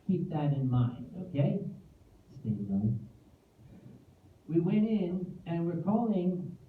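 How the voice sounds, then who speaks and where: A man giving a comic storytelling speech at a convention, animated and self-deprecating with playful asides. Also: a little high, a little hiss or hum. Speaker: convention guest speaker. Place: convention hall. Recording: echoey hall, distant phone-like audio.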